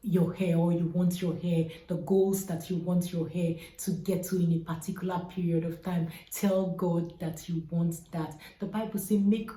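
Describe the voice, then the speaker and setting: A woman's voice: on the low side, flat delivery, normal speed, hardly any pauses. Emphatic woman in an echoey room. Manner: emphatic, repeats key points, warmly urging. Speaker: hair care vlogger. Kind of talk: earnest advice vlog.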